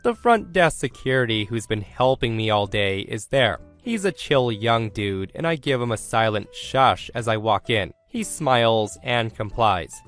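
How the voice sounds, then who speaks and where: A man reading out an online forum story as scripted narration, with a steady, even storytelling delivery. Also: mid-range voice, a little slow, few pauses, faint music behind.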